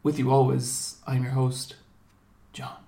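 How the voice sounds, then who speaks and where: A young man hosting a podcast, telling animated comic stories with plenty of swearing. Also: mid-range voice, slow pace, gravelly, reverberant. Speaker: podcast host. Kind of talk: casual storytelling chat.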